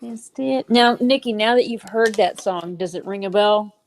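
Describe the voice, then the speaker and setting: An older woman chatting on a livestream, eager and encouraging. Her pitch sits in a middle range. She comes across as a chatty grandmother. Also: normal speed. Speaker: grandmother guest. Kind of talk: casual livestream chat.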